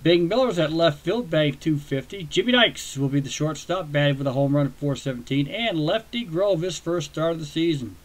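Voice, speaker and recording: A man's voice: fairly high pitch, normal speed, few pauses. A man hosting a baseball video game session, chatting casually with viewers and rambling into self-deprecating asides.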